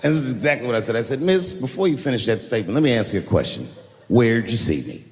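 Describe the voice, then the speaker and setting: Lively stand-up comedian in a big hall. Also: male voice, mid-range voice, quick pace. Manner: conversational storytelling, acting out other voices. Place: theater stage. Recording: live show in a large hall, faint ambience.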